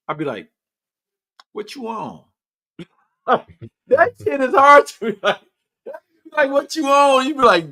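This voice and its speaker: High bright-voiced dude ranting on a live podcast, swears a lot, gets real loud. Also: male voice. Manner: animated, profane, preachy, loud bursts. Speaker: podcast host. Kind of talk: casual live podcast chat.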